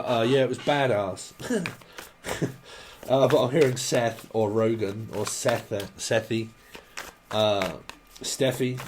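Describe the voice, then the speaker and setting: Rambling jokey tarot reader. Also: male voice, medium pitch, a little mellow. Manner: rambling, jokey and irreverent, laughs often. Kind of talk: casual tarot reading vlog.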